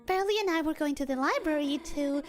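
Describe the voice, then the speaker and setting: A woman's voice: high voice, quick pace, soft background music, close to an everyday voice. A woman doing a shy stammering reindeer girl. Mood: nervous. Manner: stammering, hesitant. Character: shy, nervous teenage reindeer girl, polite and flustered.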